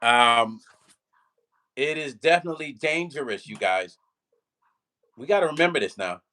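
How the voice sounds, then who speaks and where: Bright-voiced man chatting casually on a live stream. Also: medium pitch, expressive, moderate pace. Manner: loose and chatty, repeats himself, laughs at his own slips. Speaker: music producer hosting a live stream.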